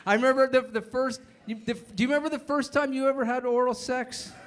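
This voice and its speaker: A man's voice: very high voice, fairly even intonation, a little fast. A man in his late thirties doing a stand-up comedy set, telling rambling stories that keep stopping and restarting. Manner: rambling, self-interrupting storyteller.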